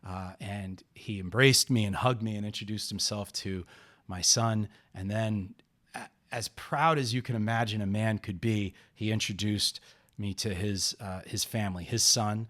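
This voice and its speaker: A middle-aged man hosting a podcast, narrating a personal story in an unhurried, rambling way with many pauses and restarts. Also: on the low side, fairly bright tone. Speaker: podcast host.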